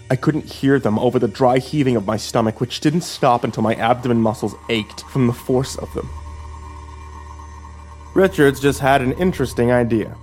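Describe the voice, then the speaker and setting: A man reading a dark story aloud in the first person, with a low, measured, grim delivery. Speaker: narrator. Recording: faint background music.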